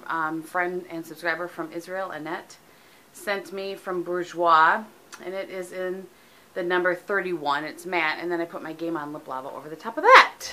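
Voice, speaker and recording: A woman's voice: fairly low pitch, sharp tone. A middle-aged woman from the United States, chatting casually in a home vlog with lots of ums, tired and sleepy, recorded on a camera mic. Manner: chatty, rambling, frequent ums. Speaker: vlogger.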